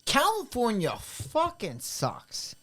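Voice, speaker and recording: A man's voice: extremely high pitch, huge pitch swings, slow pace, pushed and bright. A man co-hosting a casual movie review podcast, swearing often and ranting in a crude way. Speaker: podcast co-host.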